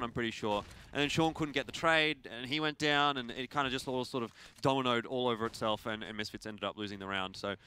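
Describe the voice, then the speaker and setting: A man giving relaxed, rambling color commentary on a competitive shooter match. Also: mid-range voice, slight background noise. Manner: relaxed, rambling analysis with fillers. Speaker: esports analyst.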